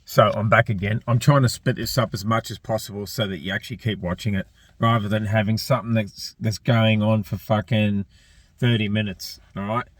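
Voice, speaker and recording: A man's voice: lowish voice, steady tone, a little fast, no room sound. Blunt, swearing Australian man. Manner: blunt and rambling, swears a lot. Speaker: car tuner vlogger. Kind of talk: casual vlog talk while working on a car.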